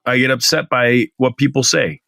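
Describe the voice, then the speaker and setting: A man's voice: mid-range voice, steady tone, moderate pace, creaky, pushed and bright, dry recording. A man co-hosting a podcast, chatting casually, rambling off on tangents and laughing often. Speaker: podcast co-host. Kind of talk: casual chat.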